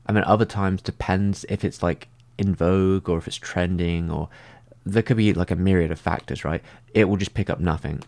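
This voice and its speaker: A man in a casual livestream, answering viewer comments and thinking out loud, filling his talk with "like" and frequent restarts. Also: low-pitched, fairly even intonation, moderate pace, creaky. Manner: rambling, heavy use of "like".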